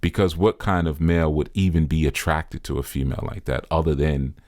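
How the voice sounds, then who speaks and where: A man with a very low, deep voice gives an earnest commentary in the manner of a preacher, driving his points home by saying them again. He sounds close and dry, with no room around him. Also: brisk, darkish tone, no echo. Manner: earnest, preacher-like, repeats phrases for emphasis. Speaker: spiritual teacher commenting on a video. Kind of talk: reflective commentary monologue.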